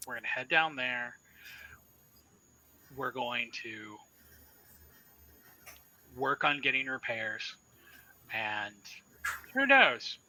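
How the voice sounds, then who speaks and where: A man's voice: mid-range voice, sing-song, very slow, long pauses, bright, forceful tone, heavily acted, poor audio. A man voicing a crude, drunken elderly ship captain who bellows and swears. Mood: placating.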